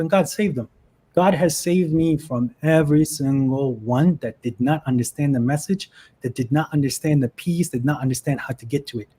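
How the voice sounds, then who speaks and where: Earnest man with a husky voice. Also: on the high side, a little fast, mellow. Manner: earnest, emotional storytelling. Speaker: guest. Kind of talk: casual livestream chat.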